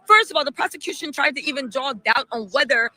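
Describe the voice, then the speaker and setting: A woman's voice: high-pitched, fast talker, sharp tone, no echo, rough recording. A woman hosting a casual live stream, chatting animatedly, reading out viewer messages and firing off emphatic rhetorical questions.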